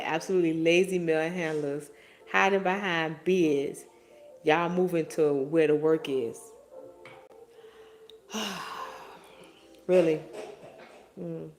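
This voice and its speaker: A woman in her forties hosting a casual live stream, reading viewer comments and answering them in a playful, teasing and profane way. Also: fairly low pitch. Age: 40s.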